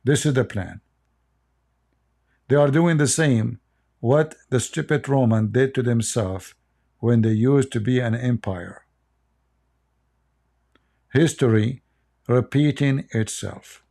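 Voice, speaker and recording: A man's voice: mid-range voice, takes it slowly, vocal fry, pauses often, dark tone. A middle-aged man with an Arabic accent hosting a livestream, blunt, mocking and emphatic in his commentary. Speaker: livestream host.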